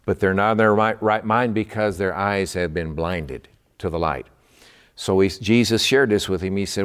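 Fervent low-voiced male preacher. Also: moderate pace, a bit bright, clean tone. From Texas. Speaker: pastor. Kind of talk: sermon.

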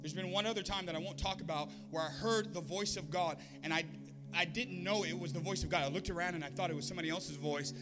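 A man preaching to his congregation, slightly higher-pitched than most men, telling a story and switching into animated voices for the people in it. Music plays clearly underneath his sermon. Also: fast talker. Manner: storytelling with lively voiced quotes and humor. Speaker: pastor.

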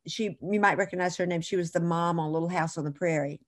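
A woman's voice: lowish voice, fairly even intonation, quick pace. A woman guest in an interview, telling a long story in a chatty, digressive way and correcting herself as she goes.

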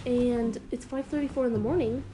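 A woman's voice: fairly high pitch, fairly even intonation, fairly quick, poor audio. A young woman chatting casually at home, giggly and meandering, with lots of ums. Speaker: vlogger. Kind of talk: casual rambling chat. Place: bedroom at home. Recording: music playing behind.

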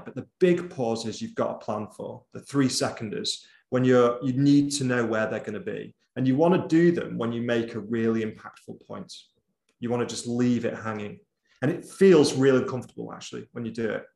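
A man's voice: mid-range voice, creaky, darkish tone. A man giving a conversational online presentation, shifting his volume and tempo and sometimes dropping almost to a whisper. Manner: conversational, varies volume and tempo, drops to near whisper at times. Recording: roomy echo.

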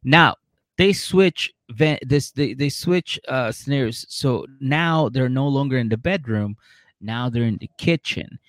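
A man's voice: mid-range voice, lively intonation, a little slow, no echo, clean studio sound. A man hosting a casual comedy podcast, retelling a reality show with swearing and laughter. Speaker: podcast host.

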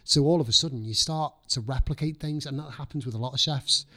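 A man talking casually as a guest chef on a podcast, voice at an ordinary middle pitch. He tells lively stories, swears freely and slips into voicing what he was thinking back then. His delivery is loose and conversational. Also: quick pace. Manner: swears freely, lively storytelling, acts out own past thoughts.

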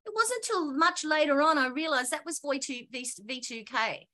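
Woman, interview guest, excitable storytelling, frequent restarts, bright tense tone. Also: high voice, normal speed. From Australia. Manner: animated, excitable, breaks off and restarts often.

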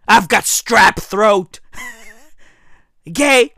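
A man giving a comedic, profane news rant. He is hoarse from losing his voice and keeps tossing in "right?" and "bruh". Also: high-pitched, extremely slow, long pauses, sharp tone, no room sound, clean studio sound. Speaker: commentary vlogger.

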